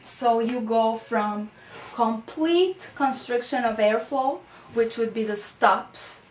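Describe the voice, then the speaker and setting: Slow, deliberate woman explaining sounds. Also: on the high side, slight background noise. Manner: explanatory, checks in with "okay?" and "right?", some fillers. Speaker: teacher. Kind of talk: recorded phonetics lecture.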